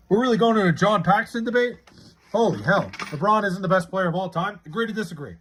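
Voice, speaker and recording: A man's voice: high-pitched, lively intonation, a little fast, fairly bright tone, slight background noise. A man streaming live, chatting casually with his viewers, rambling and swearing freely as he argues about sports. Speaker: live streamer reading chat.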